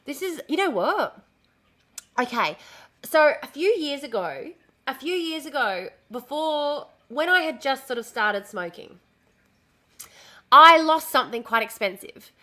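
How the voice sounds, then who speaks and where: A woman's voice: high voice, big pitch swings, unhurried, sharp tone. A woman live-streaming casually from home, talking in a chatty, easily distracted way, swearing and restarting her sentences.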